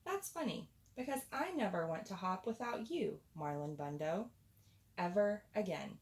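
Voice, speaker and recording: A woman voicing a sweet, gentle male bunny in a storybook reading, soft and lilting. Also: medium pitch, lively intonation, normal speed, natural voice.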